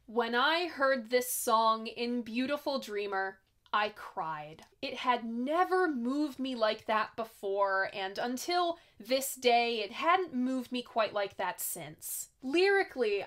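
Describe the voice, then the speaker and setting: High-voiced woman reviewing albums casually. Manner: chatty and expressive, with excited asides. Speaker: host of an album review series.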